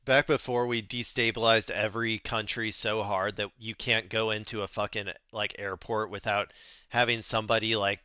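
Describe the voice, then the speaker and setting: A man streaming and reacting to news clips with blunt, sarcastic, profane commentary, often breaking into loud laughter. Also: lowish voice, flat delivery, normal speed, clear, resonant tone, dry recording, lo-fi sound.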